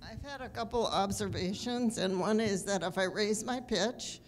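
A woman audience member in a Q&A candidly describing her own observations, in an animated way. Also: mid-range voice, normal speed. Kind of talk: asking a question in a Q&A.

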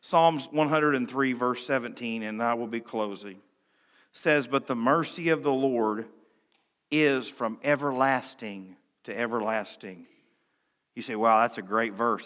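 A male pastor preaching from the pulpit with a bright, forceful tone. He swings from hushed to loud and drops humorous asides. His voice rings with the long reverb of a church sanctuary. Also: medium pitch. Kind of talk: sermon.

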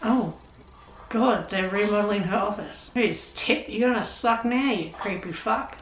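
A young woman hosting a reaction video, talking back at the screen with lots of swearing and excited outbursts. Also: mid-range voice, unhurried, slight background noise. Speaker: reaction channel host. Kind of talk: casual reaction commentary. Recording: roomy echo, TV sound under. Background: show audio playing from the TV.

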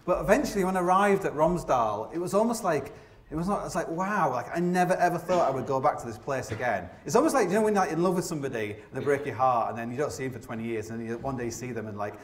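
A man in his forties tells climbing stories on stage at a rapid clip, rambling, self-mocking and stumbling through restarts. His voice sits a little high and rings around the big, echoey theatre. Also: lively intonation, slight background noise. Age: 40s. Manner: rambling, self-deprecating, heavy with fillers. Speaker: mountaineer giving a live talk. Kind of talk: live comic storytelling to an audience. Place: opera house stage.

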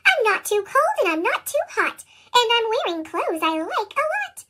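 A storyteller voicing a shivering, sneezy male snowman who is always cold, through a sped-up chipmunk pitch effect, with a whiny, complaining manner. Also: sing-song, normal speed, pushed and bright, full character voice. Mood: content. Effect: chipmunk-style sped-up pitch shift.

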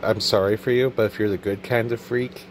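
A man's voice: lowish voice, fairly even intonation, fairly quick, background noise. A young man hosting a comedy video, rambling through memes in a goofy, self-mocking way. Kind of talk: casual meme commentary.

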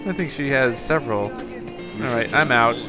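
A young man giving jokey let's play commentary, yelping and shouting at the game. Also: mid-range voice, moderate pace, over music. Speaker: gaming YouTuber.

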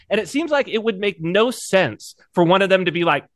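High lively guy on a podcast, stumbles over his words, dry close sound. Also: a little fast, hardly any pauses, no echo. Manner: animated, stammering restarts. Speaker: podcast co-host. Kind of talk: casual conversational chat.

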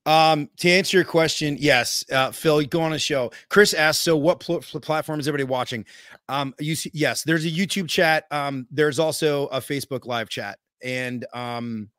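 Rambling podcast host, dry sound. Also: male voice, fairly high pitch, moderate pace, no room sound. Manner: excitable, profane, rambling with fillers. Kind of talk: casual podcast chat.

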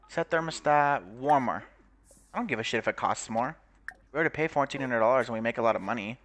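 A man's voice: on the high side, lively intonation, quick pace, a bit bright, slight background noise. A young man giving casual, crude commentary while playing a game, swearing, laughing and reading game text aloud. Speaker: gaming YouTuber.

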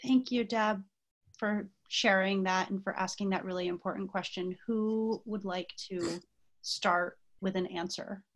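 A woman's voice: medium pitch, fairly even intonation, unhurried. A woman moderating a virtual town hall, thanking each speaker and calling on the next one.

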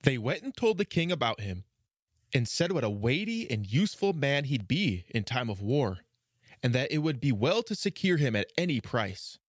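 Expressive male storybook narrator. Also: medium pitch, moderate pace, dry recording, clean studio sound.

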